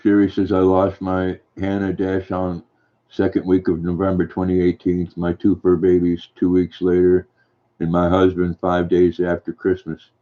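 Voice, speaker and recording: An older man hosting a livestream, reading viewer comments aloud and answering them in a gentle, folksy way. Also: sits low. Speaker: livestream host reading chat. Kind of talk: casual chat. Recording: dull lo-fi stream audio.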